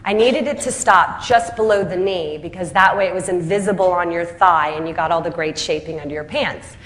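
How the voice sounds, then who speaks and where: A woman founder telling her story in a speech, lively and self-deprecating, acting out the voices of the people she quotes and laughing at her own punchlines. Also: fairly low pitch, brisk.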